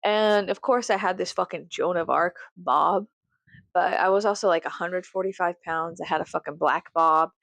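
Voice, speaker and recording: A woman's voice: on the low side, normal speed, vocal fry, fairly bright tone, dry recording. A woman with a Southern US accent, rambling casually to her viewers in a profane, self-mocking way and laughing often. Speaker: YouTuber.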